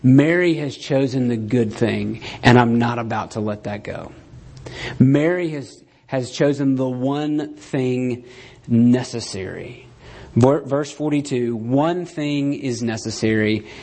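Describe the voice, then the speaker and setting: A man's voice: mid-range voice, slow, darkish tone. A man preaching a sermon to a congregation. He talks in a conversational way, often asks "right?", and acts out the quoted lines. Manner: conversational, keeps asking "right?".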